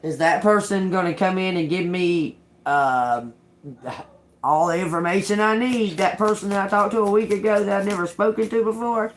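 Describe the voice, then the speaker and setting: A woman's voice: medium pitch, normal speed. Swearing, laughing woman tarot reader. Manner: profane, animated storytelling with frequent laughs; addresses viewers as y'all. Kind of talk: casual tarot reading to camera.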